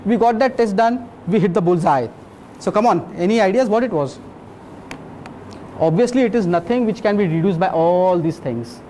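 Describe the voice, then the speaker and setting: Blunt, lively doctor lecturing. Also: male voice, high-pitched, moderate pace, slight background noise. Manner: lively, blunt, quizzes the audience. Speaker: physician lecturer. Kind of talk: medical lecture with storytelling.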